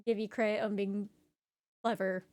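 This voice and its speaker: A woman's voice: medium pitch, little pitch movement, normal speed, darkish tone, dry recording, studio quality. A woman hosting and playing in a casual tabletop game, teasing the game master and stammering when unsure. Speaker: player and channel host.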